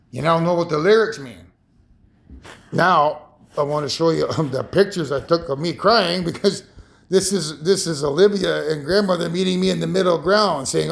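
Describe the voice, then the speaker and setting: A man in his fifties talking in a rambling, emotional personal monologue, halting and repeating himself. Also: a little high, vocal fry. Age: 50s. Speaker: vlogger.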